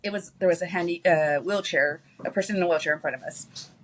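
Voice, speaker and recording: A woman guest in casual podcast chat, talkative and quick to laugh at herself. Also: fairly low pitch. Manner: chatty, laughs easily, self-deprecating.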